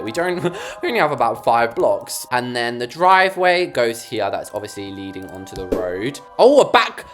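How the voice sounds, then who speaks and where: A woman's voice: very deep voice, a bit bright. A young English woman chatting casually to viewers as she builds in a game, playful and talkative. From England. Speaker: gaming creator. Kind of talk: casual gameplay commentary.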